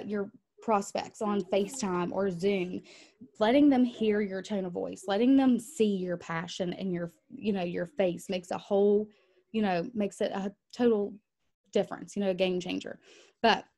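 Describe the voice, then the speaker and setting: A woman leading a team call, talking casually and acting out inner thoughts with lively bursts. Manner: animated, chatty, acts out inner voices in a higher pitch. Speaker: team leader. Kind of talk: team call coaching talk. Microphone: video call.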